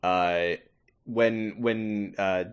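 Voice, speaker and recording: A man co-hosting a movie podcast, talking in halting restarts and dry jokes. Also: lowish voice, fairly even intonation, clear, resonant tone. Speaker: podcast co-host. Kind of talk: casual movie-review chat.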